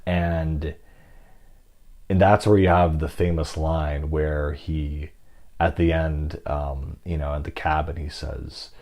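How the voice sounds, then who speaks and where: A man's voice: extremely low pitch, level tone, slow pace, warm tone. A man casually discussing a classic novel in a rambling, reflective way, with many fillers and restarts. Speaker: book discussion host.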